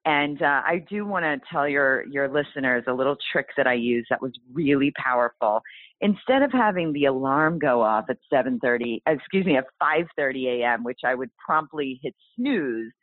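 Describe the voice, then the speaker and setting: Woman guest, low voice with big swings, animated storyteller; dry, phone-quality audio. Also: normal speed, dry recording. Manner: animated, exclaiming, acts out quoted voices. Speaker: guest author. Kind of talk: storytelling in a podcast interview. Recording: tinny phone-like line.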